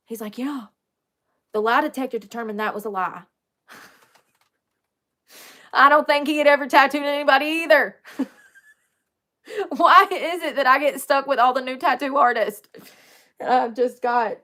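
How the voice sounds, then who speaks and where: A woman's voice: on the high side, moderate pace, pauses often, pushed and bright. Young woman vlogging, chatty and jokey, cusses a lot, talks right to the camera. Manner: chatty, joking, swears casually. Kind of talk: casual chat to camera.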